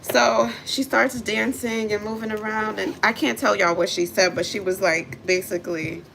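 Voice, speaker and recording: A woman livestreaming, telling a story in a chatty, animated way. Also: mid-range voice, moderate pace, vocal fry, hardly any pauses, a little hiss or hum, low-quality recording. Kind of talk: casual storytelling chat.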